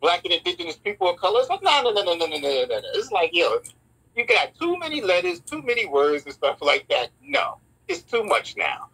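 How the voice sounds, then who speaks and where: A man, co-hosting a casual talk show, animated and speaking in quick bursts. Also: sits high, slightly rough, rough recording. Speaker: podcast co-host. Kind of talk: casual chat.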